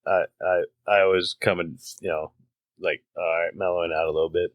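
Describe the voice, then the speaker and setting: A man's voice: low-pitched, little pitch movement, normal speed, no echo, narrow, tinny audio. A man co-hosting a podcast in casual chat, teasing and joking, often breaking into laughs. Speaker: podcast co-host.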